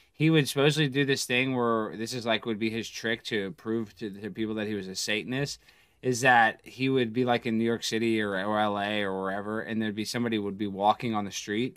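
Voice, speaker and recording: A man with a bright, forceful voice hosts a casual podcast, recorded dry and close. He is blunt and animated, challenges his guest and swears casually. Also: mid-range voice, no echo.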